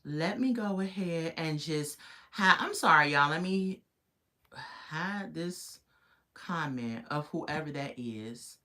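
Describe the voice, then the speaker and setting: A young adult woman hosts a casual live review stream, chatting with viewers as they drop in and laughing easily. Her voice is bright and sharp, and her pitch jumps around with animated energy. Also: takes it slowly. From United States. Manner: chatty, greets viewers in the chat, laughs often. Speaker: host of a live reality-show review stream. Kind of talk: casual livestream commentary.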